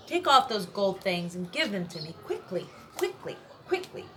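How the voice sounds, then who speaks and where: A woman's voice: medium pitch, sing-song, normal speed, sharp tone, a little hiss or hum. Storybook leopard, male, jealous and demanding; woman reader does him. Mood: bossy. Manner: bossy and demanding.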